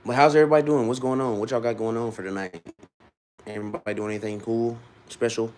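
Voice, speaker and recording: A man's voice: medium pitch, steady tone, fast, a little mellow, a little hiss or hum. A young man in his twenties from Ohio, rambling casually to his live-stream viewers with loose restarts. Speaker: livestreamer.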